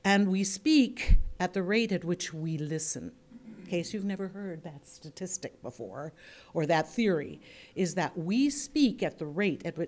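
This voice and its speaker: Woman from the US, workshop instructor; conversational and demonstrative, plays with pace and pitch to make points. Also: animated, moderate pace, a little mellow. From United States. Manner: chatty, demonstrative, shifts pace and inflection to illustrate points. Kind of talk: workshop lecture to a group.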